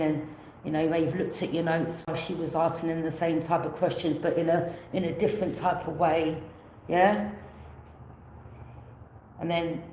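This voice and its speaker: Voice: mid-range voice, a little mellow, echoey room, slight background noise, rough recording. A tarot reader giving a casual reading, rambling, repeating phrases and offering loose alternatives.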